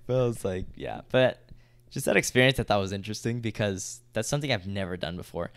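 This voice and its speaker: A man's voice: fairly low pitch, clear, resonant tone, no echo. A young man co-hosting a podcast, telling a story in a loose, slangy, swear-filled way. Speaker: podcast co-host. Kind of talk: casual storytelling chat.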